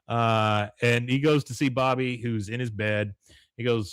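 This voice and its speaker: A man's voice: medium pitch, fairly even intonation, moderate pace, dry recording, studio quality. Casual man recapping an episode. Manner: retells scenes, quoting lines in lightly raised voices. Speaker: podcast host.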